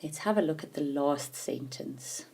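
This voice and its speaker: A woman with a low voice teaches a grammar lesson. She talks patiently and leans hard on key words, stopping to ask if the learner is following along. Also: measured pace, darkish tone. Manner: patient, emphatic, checks understanding with questions.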